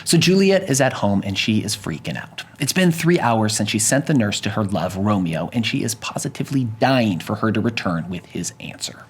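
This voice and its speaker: Wry male teacher with a lively voice. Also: lowish voice, fairly quick, hardly any pauses, breathy edge. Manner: wry, joking asides. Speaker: teacher summarizing a play. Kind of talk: casual lesson narration.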